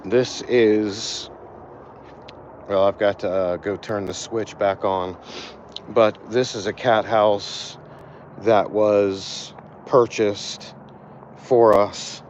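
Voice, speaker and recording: A tired man talks casually as an animal rescue volunteer in a livestream walkthrough, halting often and filling pauses with fillers and restarts. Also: lowish voice, steady tone, darkish tone, muffled recording, slight background noise. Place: outdoors by a cat shelter.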